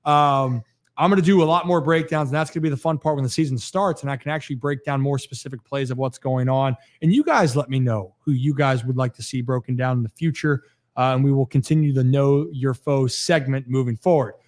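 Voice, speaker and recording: A man's voice: medium pitch, steady tone, fairly quick, a little mellow. A man hosting a sports talk livestream, chatty and rambling, out of breath at the end of a long day. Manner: chatty, rambling with restarts and fillers. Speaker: podcast host. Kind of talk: casual sign-off of a sports livestream.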